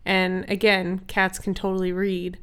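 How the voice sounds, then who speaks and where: A woman's voice: on the low side, monotone, measured pace, fairly bright tone, smooth. A woman hosting a podcast, telling an improvised bedtime story in an easygoing way with many fillers. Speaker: podcast host.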